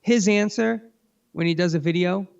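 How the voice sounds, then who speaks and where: Gravelly dude swearing and ranting on his stream, kinda high voice, sounds far off and muffled. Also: darkish tone. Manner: profane, ranting, quick to mock. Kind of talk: casual call-in chat. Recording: distant lo-fi mic.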